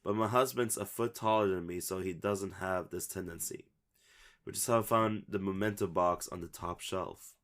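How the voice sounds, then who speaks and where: Man podcast co-host, low voice, casual chat and story reading, laughs easily. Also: normal speed, a bit bright. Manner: laughs often, swears casually.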